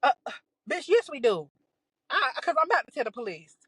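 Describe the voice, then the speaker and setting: A young adult woman hosting a podcast, telling a story in a casual, animated, profane way, with many restarts and exasperated asides. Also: sits high, brisk, no echo, poor audio. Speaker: podcast host.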